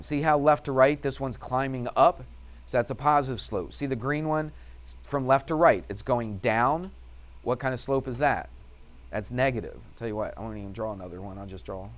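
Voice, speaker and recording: Chatty male math teacher. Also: medium pitch. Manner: chatty, storytelling, asks class questions. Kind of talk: classroom lecture with anecdote.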